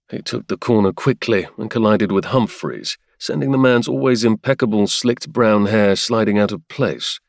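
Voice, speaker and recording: Male audiobook narrator, low and measured, dry studio sound. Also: no room sound. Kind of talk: scripted narration.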